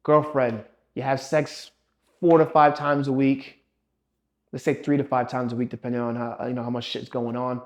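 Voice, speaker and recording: A young man giving a blunt, swearing motivational rant as a fitness vlogger, scolding the viewer and swinging from low muttering to loud pushing.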